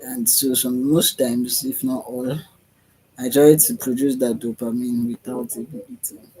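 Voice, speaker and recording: This vlogger's medium-pitched, mellow voice moves a little slowly as he rambles to camera about spiritual matters. Dreamy and repetitive, he yawns and sighs along the way, captured on a low-quality recording.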